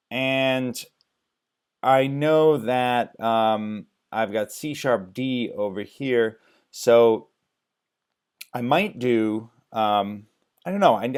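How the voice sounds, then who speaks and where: A man's voice: medium pitch, smooth. A man teaching music theory in a screen-share lecture, thinking aloud with many ums and restarts.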